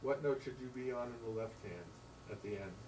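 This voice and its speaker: A man's voice: mid-range voice, a little fast. A man teaching a piano lesson, counting beats aloud and singing rhythms in syllables. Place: room with a piano. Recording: roomy sound, mic at a distance, loud piano. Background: piano playing.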